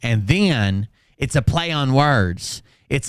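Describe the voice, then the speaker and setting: A man's voice: on the low side, animated, takes it slowly, hardly any pauses, clear, resonant tone, no echo, studio quality. A man mocking a played clip with crude, sarcastic, profane ridicule. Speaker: reaction commentator.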